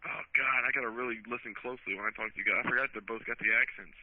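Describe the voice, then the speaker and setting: A man co-hosts a casual talk radio show, talking very fast in a blunt, profane way. His voice sounds dry and close, with dull lo-fi sound. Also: medium pitch, fairly even intonation, no room sound. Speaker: radio co-host.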